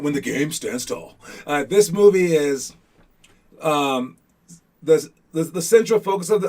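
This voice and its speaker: A man's voice: a little high, a little mellow. Rambling young man hosting a hoops show. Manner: rambling, many restarts and "all right?" check-ins. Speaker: host of a youth basketball show. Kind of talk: casual motivational talk.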